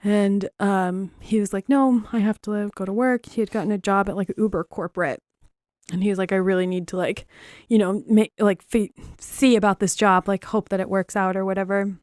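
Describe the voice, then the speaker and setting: A woman's voice: medium pitch, little pitch movement, brisk, no room sound. Frank young woman, dry close sound. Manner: frank, filler-heavy, dark humor. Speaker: podcast host. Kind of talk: candid personal storytelling.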